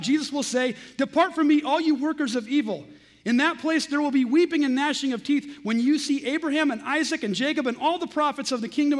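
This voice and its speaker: A man with a strikingly high voice preaches in an earnest, pointed way, citing scripture by chapter and verse. His teaching sounds firm and deliberate. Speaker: Christian preacher. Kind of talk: critical sermon-style teaching.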